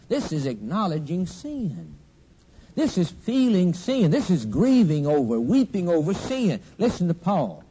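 A man preaching a fervent sermon, rising to loud exhortation and dropping to low, hushed tones. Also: huge pitch swings, measured pace, husky.

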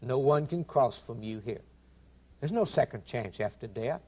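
A man's voice: medium pitch, lively intonation, normal speed, warm tone, slightly rough. A man preaching a sermon, earnest and emphatic, quoting scripture in old-fashioned wording and putting questions straight to his listeners. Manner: direct address to listeners with rhetorical questions.

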